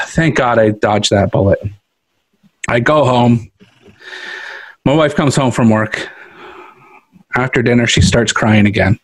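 A man's voice: mid-range voice, slow, pauses often, no room sound, rough recording. A man co-hosting a podcast, animatedly telling a funny story and laughing often. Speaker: podcast co-host. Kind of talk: casual storytelling chat. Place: makeshift home studio.

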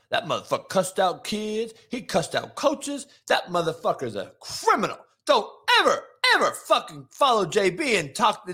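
A man's voice: sits high, very animated, moderate pace, hardly any pauses, husky. A man from Compton ranting crudely and mockingly in a commentary vlog. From Compton, California, USA. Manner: crude, mocking, loud, laughs at own jokes. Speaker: vlogger.

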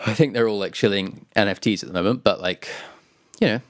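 A man chats loosely about video games as a podcast co-host. His voice sits a little low and sounds close and dry, and he laughs often and trails off into fillers. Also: fast, dry recording.

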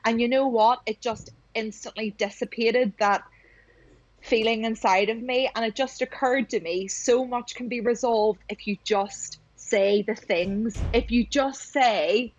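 A woman's voice: on the high side, unhurried. A woman hosting a podcast, telling candid, confessional stories in a casual chat. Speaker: podcast host. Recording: dry, dull lo-fi sound.

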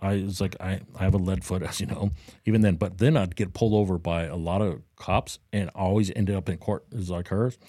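Low-voiced man telling a lively story. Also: a little fast, dry recording, studio quality. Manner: animated, acts out quotes with a higher voice. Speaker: podcast co-host. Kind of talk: casual storytelling banter. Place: Daytona Beach, Florida.

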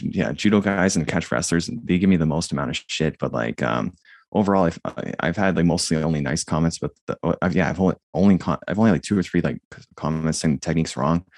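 Man, monotone, extremely deep, gravelly, dry close sound, rambling casual chat. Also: no room sound. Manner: rambling, many fillers and restarts. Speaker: jiu-jitsu YouTuber and guest. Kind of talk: casual conversation.

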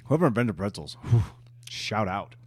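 A man's voice: fairly low pitch, sing-song, moderate pace. A man co-hosting a casual podcast, chatty and jokey, talking about his snacks aloud. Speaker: podcast co-host. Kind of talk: casual chat.

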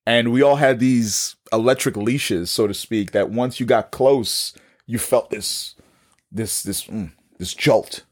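A man's voice: medium pitch, takes it slowly. A man with a New York accent telling his own story in a casual podcast conversation, acting out the dialogue and repeating words as he goes.

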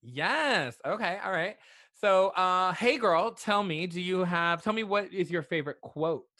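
A man's voice: high voice, expressive, measured pace, sharp tone, dry recording. A man hosting a podcast interview in a casual, chatty way, often restarting his sentences. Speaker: podcast host.

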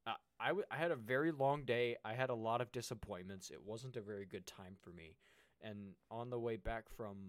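A young man with a lowish voice talks casually, circling back and restarting his sentences as he tells a story. His voice gets louder and livelier at the exciting parts. The sound is dry and close, with no room echo. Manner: rambling storytelling with many restarts, animated when excited. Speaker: co-host. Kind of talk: casual chat.

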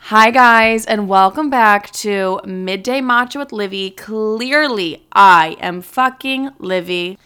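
A woman's voice: mid-range voice, takes it slowly, few pauses, sharp tone, clear, resonant tone. A young woman in her twenties hosting her podcast from home, chatting casually and joking with lots of swearing. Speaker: podcast host. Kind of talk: casual chat.

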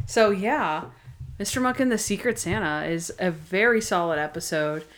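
A woman co-hosting a podcast, chatting casually and recapping TV episodes with lots of "like" and quick asides. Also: fairly low pitch, a little hiss or hum. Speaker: podcast co-host.

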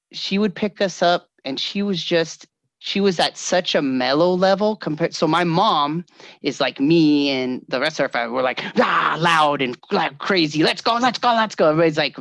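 A man telling family stories in casual chat, animated and quick to laugh, acting out the voices of the people in them. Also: on the high side, no echo. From California. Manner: animated storyteller, laughs often, acts out voices.

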